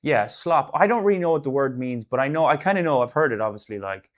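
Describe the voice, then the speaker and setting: A man's voice: medium pitch, animated, quick pace. Irish man rambling on a live stream. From Ireland. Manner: rambling and loose, sudden loud bursts, casual swearing. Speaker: artist hosting a live stream. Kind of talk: casual live-stream chat.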